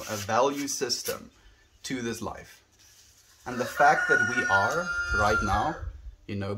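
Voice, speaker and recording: A man's voice: mid-range voice, a bit bright. Earnest South African man, livestream chat. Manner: earnest, musing, reads chat aloud.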